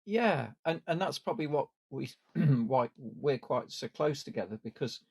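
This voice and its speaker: A man chats as a podcast co-host. His voice is gravelly with a husky edge, and he speaks in a wry, meandering way, often stumbling over repeated words before trailing off. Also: medium pitch, animated, measured pace, a little mellow. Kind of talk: casual chat.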